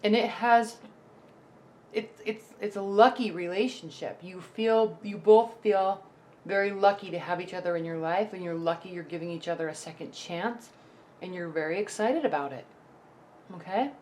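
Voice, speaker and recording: Chatty woman reading tarot, lowish voice. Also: moderate pace, darkish tone. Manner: reassuring, often checks in with "okay?" and "right?"; loose and chatty, with frequent restarts. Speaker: tarot reader. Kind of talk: casual tarot forecast to camera.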